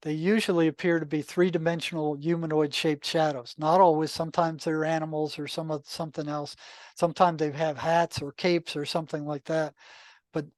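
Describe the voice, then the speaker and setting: An older man, a retired therapist, telling anecdotes in a relaxed, conversational podcast interview, full of asides. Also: on the high side, fairly quick, no echo. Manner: relaxed, anecdotal, many asides and "you know". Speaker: podcast guest, retired psychotherapist. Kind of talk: casual storytelling.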